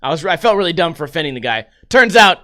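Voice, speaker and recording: A young man with a high, bright, clear voice hosts a casual livestream podcast. He rambles through crude stories and swears constantly, talking loosely and off the cuff. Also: very animated, fast. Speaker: podcast host.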